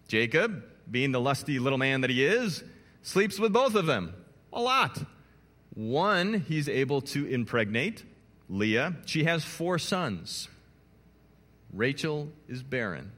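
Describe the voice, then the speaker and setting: A pastor delivers a sermon with lively, swooping pitch and a bright, forceful voice. He tells the story in an animated way, tossing in playful asides to his listeners. His voice rings out with a long reverb in a large hall.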